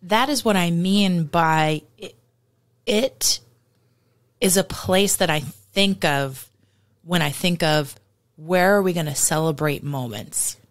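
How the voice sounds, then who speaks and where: A woman's voice: on the low side, slow pace. A woman co-hosting a podcast, chatting casually and enthusiastically about food in vivid detail. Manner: enthusiastic, descriptive, laughs easily. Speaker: podcast co-host.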